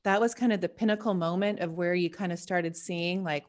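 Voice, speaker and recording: A woman's voice: fairly low pitch, steady tone, normal speed, hardly any pauses, darkish tone. A woman hosting a podcast interview, chatty and friendly, who leans on the word "like" as she talks. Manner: friendly, chatty, heavy use of like. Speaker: podcast host. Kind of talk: casual interview chat.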